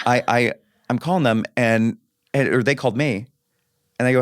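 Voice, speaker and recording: A man's voice: mid-range voice, moderate pace, no room sound. Laid-back man with a dry voice. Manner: laid-back storyteller, laughs often. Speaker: podcast guest. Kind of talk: casual podcast chat.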